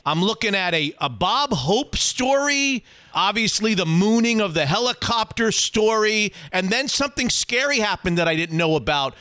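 A man's voice: sits high, sharp tone, dry recording. A man hosting an interview, asking questions with eager reactions. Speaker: host.

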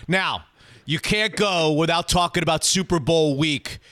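A man's voice: on the high side, a little slow, pushed and bright, no echo. A man hosting an interview, asking questions with eager reactions. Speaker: host.

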